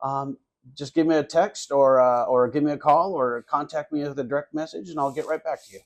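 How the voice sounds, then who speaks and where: A man's voice: a little high, fairly quick. A man talking casually as a guest on a local talk show, rambling with many fillers and restarts. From California. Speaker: guest, cookie business owner. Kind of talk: casual interview chat.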